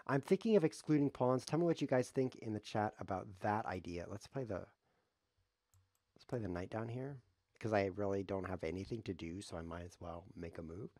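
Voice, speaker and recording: Low-voiced chatty man streaming chess. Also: a little fast, darkish tone, dry recording, studio quality. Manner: rambling, jokey, thinking aloud. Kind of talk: live chess commentary.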